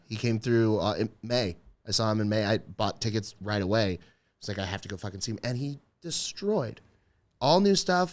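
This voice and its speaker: Profane comedian man, loose casual talk. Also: medium pitch. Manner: loose and profane, heavy use of "like". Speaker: stand-up comedian, guest. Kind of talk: casual podcast chat.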